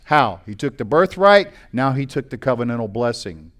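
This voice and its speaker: A middle-aged American man preaching, his pitch sitting in the middle for a man. He reads scripture passages aloud and breaks them up with conversational asides to the congregation. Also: very animated, normal speed, a bit bright. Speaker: pastor. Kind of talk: sermon.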